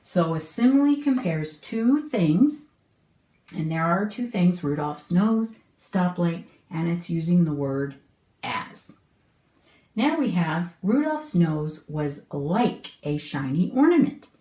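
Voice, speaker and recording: A woman's voice: lowish voice, lively intonation, takes it slowly, dark tone, roomy sound. A middle-aged woman teaching an online homeschool lesson, explaining patiently and asking the viewer questions.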